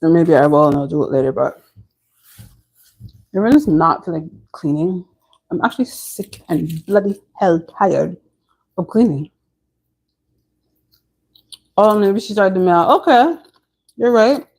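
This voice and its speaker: A woman's voice: on the low side, lively intonation, a little slow, long pauses, a little mellow, low-quality recording. A woman chatting casually on a home live stream, answering viewers' comments as she goes.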